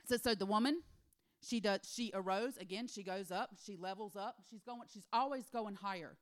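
A woman preaching a sermon, retelling a Bible story with animated voices for the characters and hushed, near-whispered emphasis. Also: medium pitch, normal speed. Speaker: women's ministry speaker.

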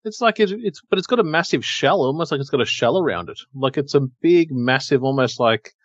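A man with a middle-pitched voice chatting easily as a podcast co-host, hunting for words as he goes. The sound is dry and somewhat dull, like a lo-fi home recording. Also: lively intonation, fairly quick, no echo. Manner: easygoing, searching for words. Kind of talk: casual chat.

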